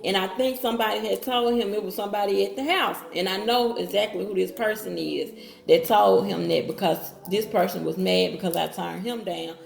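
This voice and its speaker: Gravelly woman telling a personal story. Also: medium pitch, a little fast. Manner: talks straight to viewers with Southern-style slang, quotes others in her own voice. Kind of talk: casual storytime monologue. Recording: echoey room.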